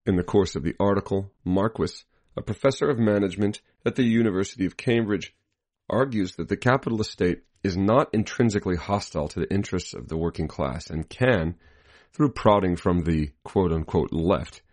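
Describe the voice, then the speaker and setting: A man reading a scripted political commentary in a measured, deliberate way, marking each quotation aloud. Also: deep voice, a little mellow, dry recording. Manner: spells out quotation marks.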